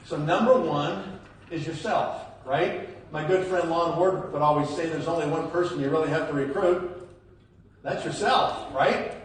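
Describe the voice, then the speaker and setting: A man delivers a rousing motivational talk to a packed hall, his fairly high voice jumping into loud, emphatic peaks as he throws questions at the crowd. The sound comes from a phone somewhere out in the audience, so the voice is distant and washed in heavy hall echo. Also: slight background noise. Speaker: motivational speaker at a sales event. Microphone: phone recording from the audience. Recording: echoey hall, phone-streamed from afar.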